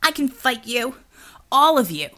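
Lady putting on a huge mouthy teen boy bully, drawn out and high. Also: sing-song, unhurried, full character voice. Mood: taunting. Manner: loud careless youthful taunting. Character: towering brash teenage male metahuman brute.

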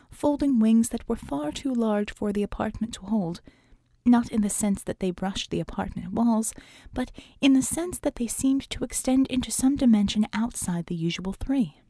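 A woman narrating a novel with measured, often hushed storytelling. Her voice is mellow and breathy, recorded dry and close with no room sound. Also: a little high, no echo. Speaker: audiobook narrator. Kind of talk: scripted narration.

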